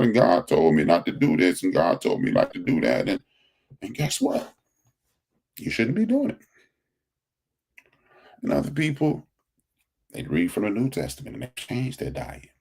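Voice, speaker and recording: A man's voice: deep voice, slightly rough. A man hosting a podcast, talking in an emphatic, preachy way and repeating phrases for stress. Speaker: podcast host. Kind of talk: casual commentary monologue.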